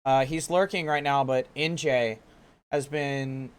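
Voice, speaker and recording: A young man co-hosting a podcast, speaking earnestly and haltingly about a hard day. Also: mid-range voice, fairly even intonation, clear, resonant tone. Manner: earnest, halting with many fillers and restarts. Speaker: podcast co-host. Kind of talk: casual chat.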